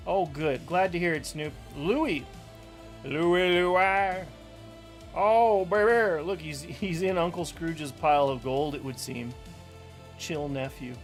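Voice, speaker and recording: A man's voice: on the high side, measured pace, soft background music. A man casually chatting to viewers while opening trading card packs at home, playful and talkative. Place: room at home with fans running.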